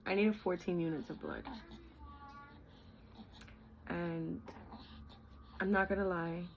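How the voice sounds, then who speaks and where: A woman's voice: lowish voice, takes it slowly, gravelly, highs cut off, slight background noise. A young woman vlogging, telling a personal story in a candid, heartfelt, chatty way, full of "like" and "literally".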